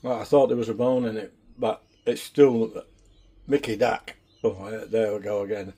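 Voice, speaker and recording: A man's voice: on the low side, fairly even intonation, moderate pace, mellow, husky. A man, chatting casually in a home cooking vlog, rambling and down to earth. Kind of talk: casual chat.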